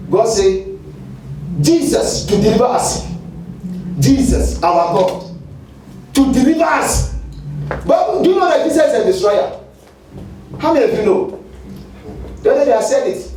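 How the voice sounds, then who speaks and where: A male pastor with a Ghanaian English accent, preaching a fiery sermon and shouting at its peaks. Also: sits high. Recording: echoey hall, far from the mic, light noise.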